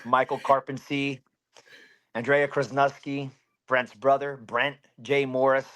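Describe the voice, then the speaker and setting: A man, a bare-knuckle fighter from Pennsylvania, telling a story in an interview in an animated way and swearing constantly. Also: medium pitch, a little slow.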